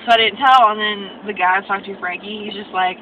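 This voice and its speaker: A young woman with a mid-range, fairly even voice talks quickly in a vlog, ranting about her medical assistant class and acting out what other people said. She's a medical assistant student recording on a phone camera, so the audio is tinny and noisy.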